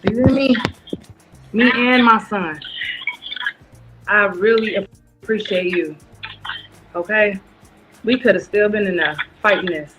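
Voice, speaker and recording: A woman's voice: medium pitch, a little slow, pauses often, dull audio. Woman, tearful, grateful, emotional, music behind. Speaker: interview guest. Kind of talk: emotional video-call interview.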